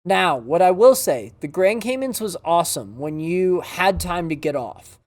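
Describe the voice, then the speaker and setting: Podcast co-host, male, lively storyteller, jumps into other people's voices. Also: high voice, measured pace. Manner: animated storyteller, acts out quoted voices. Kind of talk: casual chat.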